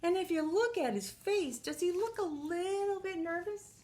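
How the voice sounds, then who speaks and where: A woman teacher reading a picture book aloud to children, animated and asking them questions along the way. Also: very high-pitched, moderate pace, slight background noise.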